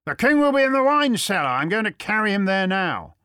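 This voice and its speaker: A man's voice: high voice, sing-song, fairly quick, bright, forceful tone, clean tone, no echo, clean studio sound, voice pushed up, heavily acted. A man reading an audiobook voices a fretful young nobleman who sounds bewildered and anxious. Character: anxious young nobleman, helpless then eager.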